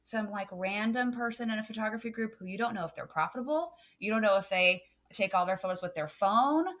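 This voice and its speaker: A woman's voice: medium pitch, fairly quick, a bit bright. Earnest woman photographer, podcast guest. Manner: earnest and emphatic, many "um" fillers. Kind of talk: casual podcast chat.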